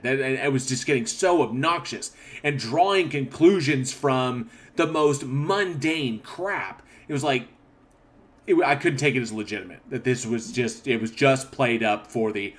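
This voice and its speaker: A man's voice: mid-range voice, moderate pace. A man hosting a casual livestream, rambling with restarts as he reads viewer comments aloud and answers them. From northern Oklahoma. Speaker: livestream host.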